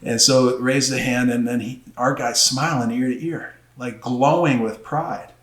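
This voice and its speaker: Animated middle-aged man telling a story. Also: normal speed. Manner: animated storyteller, acts out quotes with rising pitch. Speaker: podcast guest, former wrestling coach. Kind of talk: storytelling in casual conversation. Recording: roomy echo.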